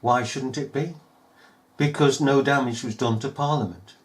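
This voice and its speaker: A man's voice: medium pitch, normal speed. A man giving scornful, emphatic commentary over news footage, full of rhetorical questions. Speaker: video commentator.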